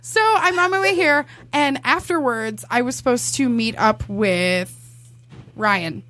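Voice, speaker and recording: A woman's voice: on the high side, unhurried, pushed and bright. A woman co-hosting a podcast, telling a personal story in casual chat, rambling with many restarts. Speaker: podcast co-host.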